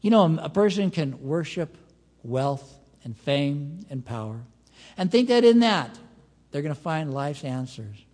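A man with a fairly high voice preaches an expository Bible sermon in a conversational teaching manner. His words ring out with a long reverb, as in a large hall or church. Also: very animated, measured pace, a little mellow. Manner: conversational teaching with emphatic rises. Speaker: pastor.

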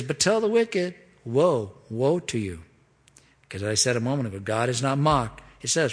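A man at the pulpit preaching through a passage of scripture, his middle-pitched voice carrying a long hall reverb. He pleads and presses hard on his questions, then sinks to hushed, low asides. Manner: pleading, emphatic, swings from loud rises to hushed drops. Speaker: pastor. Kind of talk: expository sermon.

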